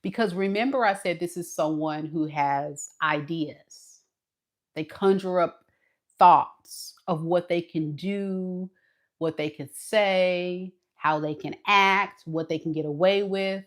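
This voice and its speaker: A woman giving a casual tarot reading straight to the viewer, expressive and dramatic as she acts out what the other person thinks. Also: fairly low pitch, slow pace. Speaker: tarot reader.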